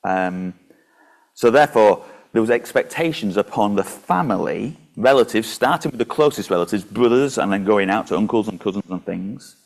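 Low-voiced man preaching. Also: animated, normal speed, vocal fry. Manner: conversational, with small slips and restarts. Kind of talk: sermon with bible reading.

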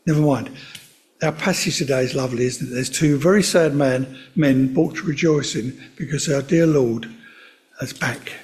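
A man giving a sermon in a gentle, conversational way, with chatty asides to his listeners. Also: mid-range voice, moderate pace. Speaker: preacher.

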